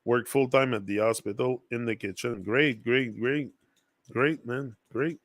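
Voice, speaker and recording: A man's voice: mid-range voice, unhurried, fairly bright tone, no echo, clean studio sound. A man with a French accent hosting a casual motivational livestream, rambling as he reads out viewer comments.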